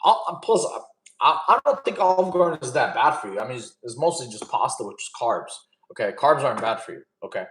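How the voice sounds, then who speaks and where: A man in his thirties hosts a casual live stream around a campfire, reading chat questions aloud and handing out blunt, laid-back fitness advice. His mid-range voice is expressive, fast and fairly bright, with noticeable reverb.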